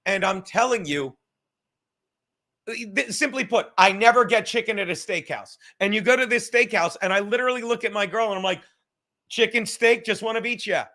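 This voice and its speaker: A man hosting a livestream podcast, rambling loudly and swearing as he reads chat comments. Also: high-pitched, a little fast. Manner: loud, rambling, profane, reading chat comments aloud. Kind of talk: casual chat.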